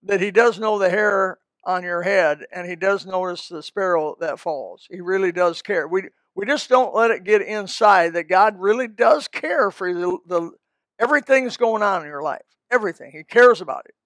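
A man with a high voice preaches a sermon in a folksy, rambling way. He drifts into asides and restarts his sentences. The sound is dry and close. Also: moderate pace, fairly bright tone, no echo. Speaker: pastor.

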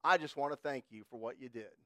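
A man quoting a worried, grateful old woman in his sermon story, in a soft, plain voice. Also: medium pitch, quick pace, no room sound, studio quality, lightly acted. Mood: quoted.

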